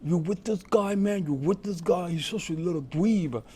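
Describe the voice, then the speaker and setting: A man's voice: high-pitched, dark tone, breathy edge, pitched above the performer's own voice. A man putting on the voice of a rude young male heckler who mocks and taunts. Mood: taunting. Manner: taunting, drawn-out sneer.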